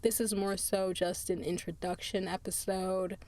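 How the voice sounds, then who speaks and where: A woman's voice: mid-range voice, little pitch movement, a little slow, mellow. A woman hosting her own podcast in casual solo chat, tired, chatty and laughing often, drifting into asides. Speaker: podcast host.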